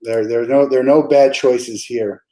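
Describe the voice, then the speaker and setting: A male podcast host with a warm, mellow tone. He talks in a relaxed, casual way and stumbles over restarts and fillers as he thinks aloud. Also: medium pitch, moderate pace, poor audio. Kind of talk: casual interview chat.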